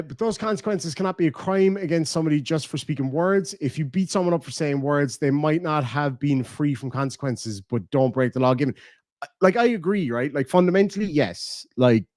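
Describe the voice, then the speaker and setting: A man's voice: on the high side, lively intonation, brisk, a little mellow, dry recording, clean studio sound. A man with a southern Irish accent chatting casually on a livestream, blunt and profane. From Ireland. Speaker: streamer.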